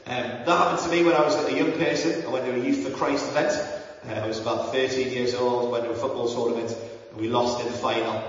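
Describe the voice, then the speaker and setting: A man preaching a sermon in an earnest, conversational way, with frequent ums and restarts. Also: medium pitch. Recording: roomy, echoey hall, mic at a distance, dull sound.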